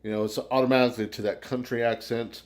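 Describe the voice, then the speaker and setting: A man's voice: mid-range voice, little pitch movement, fast, a little mellow. Rambling, swearing American man. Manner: rambling, swears freely, many fillers. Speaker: beer review vlogger. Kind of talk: casual shout-outs to viewers.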